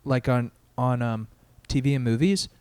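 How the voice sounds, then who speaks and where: Smooth-voiced laid-back guy. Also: mid-range voice, moderate pace, darkish tone, no echo. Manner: laid-back, chatty, lots of fillers. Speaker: podcast co-host. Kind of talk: casual comedic chat.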